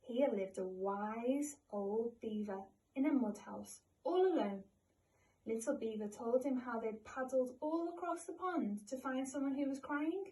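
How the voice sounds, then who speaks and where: High-voiced woman reading a storybook. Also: measured pace, mellow, far from the mic, low-quality recording. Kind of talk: reading a picture book aloud.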